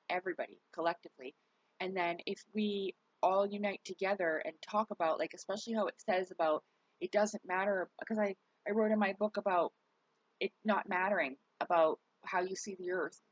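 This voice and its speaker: In a lo-fi recording with no echo, a vlogger with a mid-range voice chats openly with her audience. She's exhausted and recovering, rambling casually and swearing occasionally.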